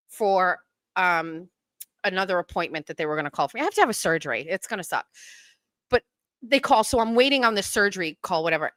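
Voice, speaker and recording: A middle-aged woman hosts her own show, talking in a bright, forward voice that sits a little high. She tells stories in a loose, chatty way, mocks herself and acts out what other people said. The sound is close and dry. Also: no echo. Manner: chatty, animated, self-mocking storyteller who acts out quotes. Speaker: podcast host. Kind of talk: casual storytelling chat.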